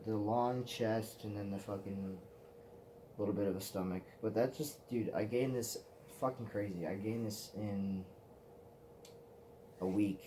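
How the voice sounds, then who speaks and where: A man's voice: lowish voice, mellow, slight background noise. A man telling rambling, profane stories to the camera in a casual vlog, often laughing at himself. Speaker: vlogger.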